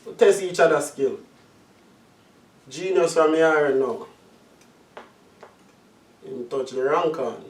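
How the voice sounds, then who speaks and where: A man's voice: on the high side, slow, long pauses, roomy sound, distant mic. A man who works as a sound system selector, telling stories in a casual interview chat, patois-tinged and laughing often.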